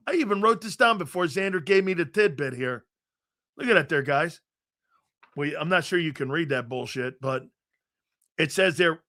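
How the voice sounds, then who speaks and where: An excitable male sports show host talking in a high, bright, cutting voice. He is loud and profane, tells stories in quick bursts with restarts, and breaks into shouts when something excites him. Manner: rapid storytelling with restarts. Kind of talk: live sports talk show.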